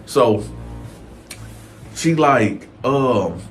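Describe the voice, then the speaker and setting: A man's voice: mid-range voice, animated, very slow, faint music behind. A man telling a prison story in casual, slangy storytime style, talking straight to his listeners. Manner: conversational, slangy, addresses listeners as y'all.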